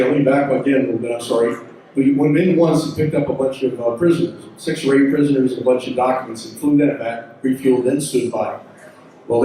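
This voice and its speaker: A man's voice: medium pitch, mellow. Older man telling war stories in an echoey hall. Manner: folksy, rambling, backtracks often. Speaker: symposium speaker, veteran helicopter pilot. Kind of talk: storytelling talk to an audience. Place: large hall. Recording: echoey hall recording from far off.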